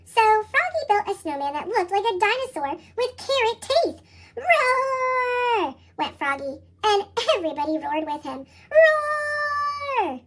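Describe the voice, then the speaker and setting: A storybook reader tells a children's picture book with lively delivery. The voice is sped up and squeaky like a chipmunk. Its pitch sits extremely high and moves around a lot. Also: fairly quick, hardly any pauses. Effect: sped-up chipmunk pitch shift. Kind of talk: picture book read-aloud.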